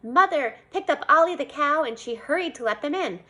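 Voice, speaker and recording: Bright, lively woman reading a storybook. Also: high-pitched, fairly quick. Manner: animated, voicing a young girl narrator. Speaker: reader. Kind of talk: storybook read-aloud.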